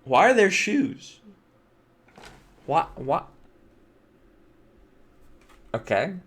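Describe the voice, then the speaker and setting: A man's voice: a little high, big pitch swings, very slow, a bit bright, husky. A young man streaming live, reading viewer slides aloud and reacting with wry, bemused asides and chuckles. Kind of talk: casual live-stream commentary.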